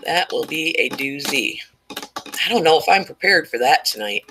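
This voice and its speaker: A woman's voice: low-pitched, lively intonation, normal speed, sharp tone, slightly rough, poor audio. A woman hosting a casual live stream on a cheap microphone, chatting loosely and greeting her viewers one by one, with a slight tickle in her throat. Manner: chatty, greets viewers by name while talking.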